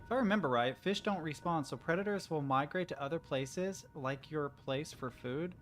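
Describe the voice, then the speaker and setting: A man's voice: on the high side, moderate pace, fairly bright tone. A young American man chatting casually to his stream while he plays a game. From United States. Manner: chatty, rambling, talks to chat. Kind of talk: casual gameplay commentary.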